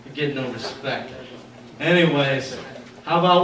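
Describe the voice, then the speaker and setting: A man's voice: high voice, lively intonation, moderate pace, a crowd in the background. A young man doing a stand-up set at an open mic, rambling and self-deprecating, with lots of "anyways" and fillers. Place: small art gallery, indoors. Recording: echoey gallery room, far camera, audible room noise.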